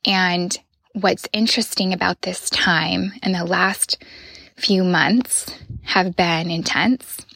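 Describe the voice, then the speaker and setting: A woman in her thirties hosting a podcast, sharing a personal reflection in an earnest voice that often drops to a soft whisper. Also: lowish voice, fairly even intonation, takes it slowly, gravelly, no room sound. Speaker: podcast host.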